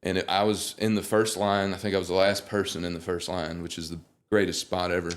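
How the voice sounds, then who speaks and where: A young man, a guest singer, telling animated, joking stories in a casual interview. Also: deep voice, a little fast.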